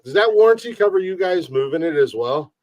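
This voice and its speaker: A man's voice: sits high, expressive, a little fast, darkish tone, no echo. A man hosting a casual livestream chat, telling a long rambling story and often repeating his words. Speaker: podcast host.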